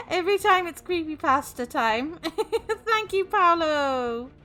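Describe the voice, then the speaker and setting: Young woman streamer, really high voice, talks slow, gushy, faint music behind. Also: big pitch swings, bright, forceful tone. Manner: effusive, squeals and exclaims in shock. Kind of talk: casual live-stream chat thanking viewers.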